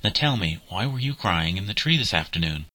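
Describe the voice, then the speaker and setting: A man's voice: deep voice, lively intonation, fairly quick, bright, forceful tone, no room sound, exaggerated voice. A man reading an indignant young schoolboy. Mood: chatty. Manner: indignant, bitter.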